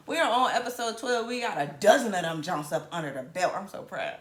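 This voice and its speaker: A woman comedian from Virginia in her thirties, hosting a casual live stream in a playful, animated way. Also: mid-range voice, a little fast, hardly any pauses. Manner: animated, playful, southern-tinged slang with hype-up exclamations. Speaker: comedian and show host. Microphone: camera mic on a live stream. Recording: roomy echo.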